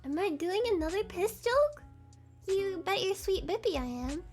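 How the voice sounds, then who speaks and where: A woman's voice: very high-pitched, animated, normal speed, soft background music. A woman streamer in casual chat, giggly and rambling, with lots of "like" fillers.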